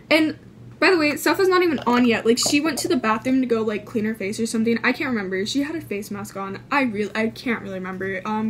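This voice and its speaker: Rambling high-voiced young woman vlogger. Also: a little hiss or hum. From California. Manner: rambling, filler-heavy, swears freely. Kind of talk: casual storytime vlog.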